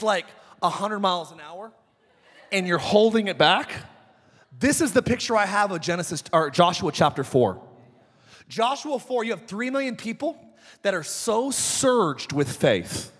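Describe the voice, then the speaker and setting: A man in his thirties preaching a sermon as pastor, telling animated stories with shouted peaks. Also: high-pitched. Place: church sanctuary. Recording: church hall reverb.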